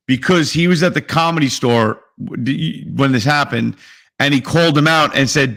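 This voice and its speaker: A man's voice: medium pitch, moderate pace, gravelly, fairly bright tone. A man co-hosting a casual podcast, arguing bluntly and swearing freely. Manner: blunt, profane, argues emphatically. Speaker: podcast co-host. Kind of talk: casual argumentative chat.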